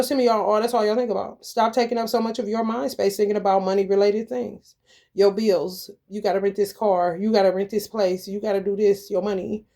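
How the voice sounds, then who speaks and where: A woman's voice: mid-range voice, mellow. A woman tarot reader giving casual advice in a blunt, rambling, profane way, calling her listeners honey.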